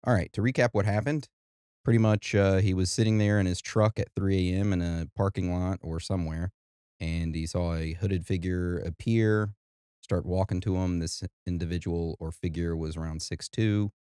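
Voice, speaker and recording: A man from Brooklyn hosting a podcast, chatting in a relaxed, joking way. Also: low-pitched, normal speed, clear, resonant tone, dry recording, studio quality. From Brooklyn, New York. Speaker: podcast host. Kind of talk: casual podcast chat.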